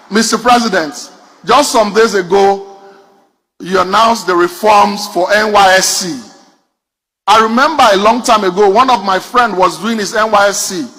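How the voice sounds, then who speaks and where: A man's voice: high-pitched, bright, forceful tone. A Nigerian man performing a stand-up comedy routine. He tells punchy stories straight to the audience. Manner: addresses the audience directly, punchy storytelling.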